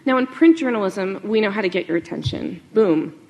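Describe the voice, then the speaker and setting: A woman journalist gives a lively, animated talk to an audience, full of fillers and asides. She has a mid-range voice and talks fast.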